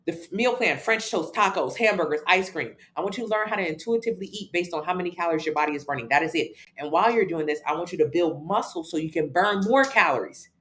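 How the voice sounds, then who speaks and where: A woman's voice: fairly low pitch, expressive, fast talker, hardly any pauses, a bit bright. A woman fitness coach answering viewers live, blunt and emphatic, repeating key points in casual slang. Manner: casual slang-heavy talk.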